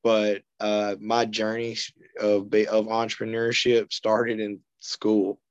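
A man's voice: on the low side, completely flat delivery, takes it slowly, highs cut off. A man from Arkansas, a podcast guest telling stories in an easygoing way and chuckling between points. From Arkansas, USA. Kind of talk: casual storytelling chat.

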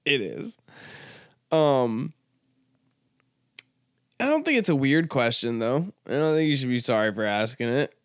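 A man's voice: medium pitch, big pitch swings, unhurried, pauses often, smooth, no echo, studio quality. A man hosting a comedy podcast, talking casually in a rambling, crude, joking way with lots of fillers. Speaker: podcast host.

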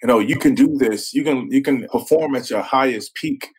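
A man guests on a podcast and tells his story in a casual, easygoing way. His voice sits at a middle pitch, and he drops in "man" often and acts out quotes as he talks. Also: normal speed, breathy edge, rough recording. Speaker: guest, former pro football player.

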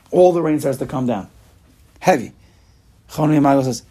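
A man teaching a Talmud and Chassidus class, chanting the texts and explaining them in an animated way. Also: mid-range voice, moderate pace, long pauses. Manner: animated, sing-song reading of Hebrew and Aramaic text. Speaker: Torah teacher.

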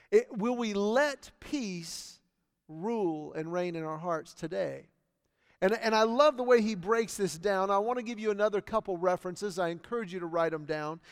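A man's voice: high-pitched, big-room sound. A middle-aged man preaching a sermon, telling stories in an emphatic, conversational way. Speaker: pastor. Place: church sanctuary.

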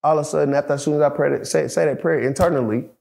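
A man telling a story in casual, profane, animated talk, acting out the voices of the people in it. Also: on the high side, very fast, gravelly. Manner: profane, animated retelling, acts out quoted voices.

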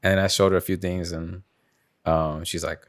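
A man's voice: sits low, flat delivery, moderate pace. A young man casually telling a story on a podcast, rambling with lots of fillers and swearing. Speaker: podcast host. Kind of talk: casual chat.

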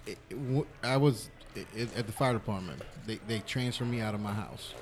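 A man's voice: lowish voice, a little fast, noisy background. A man who works as a firefighter, chatting casually in a rambling way, often restarting and swearing when worked up. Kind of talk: casual podcast chat.

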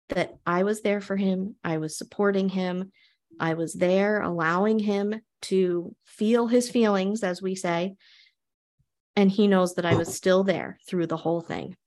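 A woman hosts a conversational podcast in a calm, reflective manner. She speaks at an ordinary mid-range pitch and often repeats key phrases for emphasis. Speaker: podcast host.

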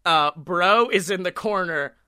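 High, bright-voiced man telling a story. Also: measured pace, clean tone. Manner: animated, laughs often, swears casually. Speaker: podcast co-host. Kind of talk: casual improvised storytelling.

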